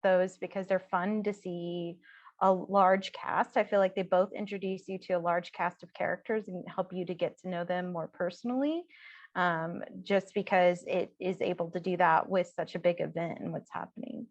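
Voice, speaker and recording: A woman's voice: fairly low pitch, steady tone, moderate pace, dry recording, dull audio. A woman co-hosting a casual chat, talking enthusiastically and mimicking characters with mock exasperation. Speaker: podcast co-host.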